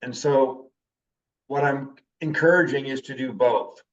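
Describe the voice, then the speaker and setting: A man's voice: mid-range voice, unhurried, recorded from a distance, highs cut off. A man in his fifties giving a spoken class talk as a teacher, with an intense way of talking. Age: 50s. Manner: intense, animated talker.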